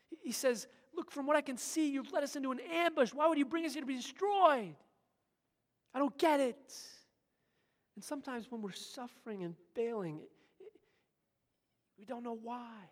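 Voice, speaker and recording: A pastor delivering a sermon with emphatic delivery, swinging between loud urgent passages and hushed asides. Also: mid-range voice. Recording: long hall reverb.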